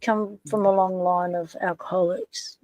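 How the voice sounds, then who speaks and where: A woman chatting casually as co-host, greeting viewers and adding quick asides. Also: fairly low pitch, flat delivery, darkish tone, low-quality recording. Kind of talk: casual livestream chat.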